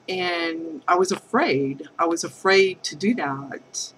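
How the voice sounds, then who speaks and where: A woman crafting vlogger talking heartfelt to camera, hesitant and halting, earnest and emotional. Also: lowish voice, fairly bright tone, slight background noise, low-quality recording. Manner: emotional, affectionate.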